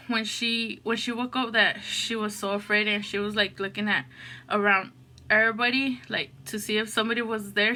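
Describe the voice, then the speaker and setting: A chatty woman vlogger tells a story in a loose, rambling way, padding it with fillers and exclamations. Her voice sits a bit high and sounds bright and sharp. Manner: rambling, filler-heavy, lots of "like" and "oh my gosh". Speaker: eating show host. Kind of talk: casual storytelling chat.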